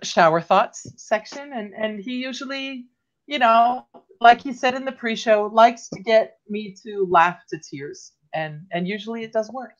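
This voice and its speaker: A woman's voice: a little high, unhurried, muffled recording. A woman hosting a live online talk show, chatting casually with many restarts and easy laughter. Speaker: host.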